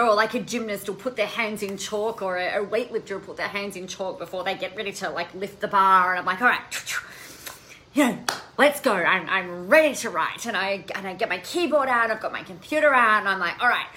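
A woman hosting a casual live stream, talking in an animated, chatty way and swearing now and then. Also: medium pitch, slight background noise, poor audio. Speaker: coaching podcast host.

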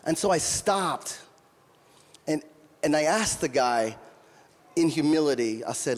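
Long hall reverb surrounds a middle-aged man from the Minnesota or North Dakota region as he preaches. Earnest in his storytelling, he keeps restarting his words, his fairly high voice animated and measured, broken by long pauses.

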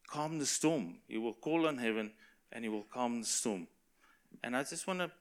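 A man's voice: mid-range voice, a bit bright. A man preaching a sermon to a congregation in an earnest, encouraging way, with self-corrections and small laughs.

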